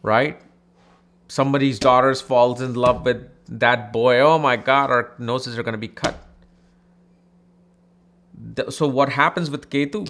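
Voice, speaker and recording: Guy from india chatting through an astrology lesson, mid pitch, lively, does little voices. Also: unhurried, long pauses. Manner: animated, conversational, mimics people in anecdotes. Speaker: astrology teacher.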